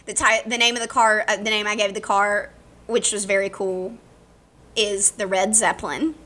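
A woman's voice: mid-range voice, level tone, normal speed, bright, forceful tone. A woman from Alabama co-hosting a podcast, chatting casually and telling stories in a playful, punning, self-mocking way. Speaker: podcast co-host. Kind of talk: casual chat.

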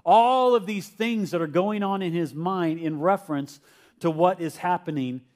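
High-voiced man preaching a sermon. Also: moderate pace, darkish tone. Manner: conversational, asks the congregation questions; acts out Peter's confused voice. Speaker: pastor.

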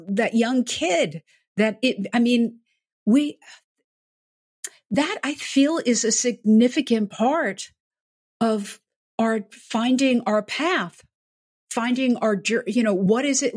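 A woman's voice: a little high, lively intonation, slow, husky. Affirming woman podcast host. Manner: warm and affirming, frequent "mm-hmm". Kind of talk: casual chat.

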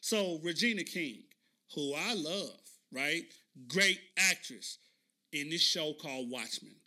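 A man hosting a podcast, telling a story in a casual, animated way and often asking listeners "right?". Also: fairly high pitch, takes it slowly. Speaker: podcast host.

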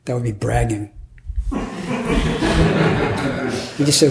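A man's voice: medium pitch, takes it slowly, gravelly, long pauses. A man giving a Zen dharma talk at a retreat, musing aloud in a playful way and laughing now and then. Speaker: Zen teacher. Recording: echoey room, faint noise.

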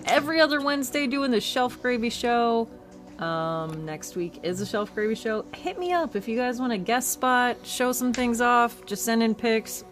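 Casting: female podcast co-host, easygoing and upbeat, faint music behind. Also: on the high side. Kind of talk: casual group chat sign-off.

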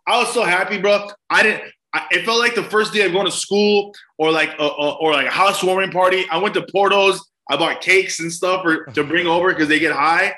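A comedian guest on a podcast, a man telling eager, profane stories and laughing often. His voice sits a little high and bright. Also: a little fast, hardly any pauses. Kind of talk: casual chat.

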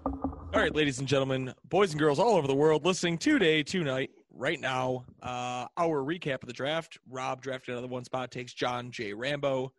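A man's voice: mid-range voice, normal speed, no room sound. A man co-hosting a casual podcast, reading out lists with jokey asides and frequent laughter. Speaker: podcast co-host. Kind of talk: casual chat.

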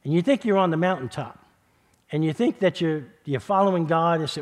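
Middle-aged male pastor from New York, slightly high voice, conversational sermon storytelling with repeats and quiet hushed stretches. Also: fairly quick. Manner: conversational, repeats words, builds then drops to a hush.

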